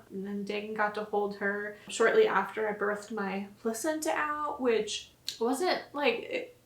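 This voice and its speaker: A young woman vlogger casually retelling a personal story to camera, chatty and full of "like" fillers. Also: medium pitch. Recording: roomy echo.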